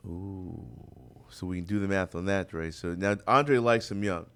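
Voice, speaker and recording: A man's voice: low voice, normal speed, a bit bright, clean tone. A man hosting a radio talk show from a studio, bantering and joking with a playful, hyped announcer-style delivery.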